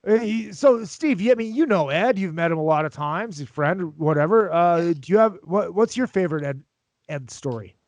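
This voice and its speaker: A man's voice: high-pitched, expressive, moderate pace, dry recording. A man hosting a podcast, asking loose, casual questions with fillers and the odd swear. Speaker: podcast host. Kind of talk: casual chat.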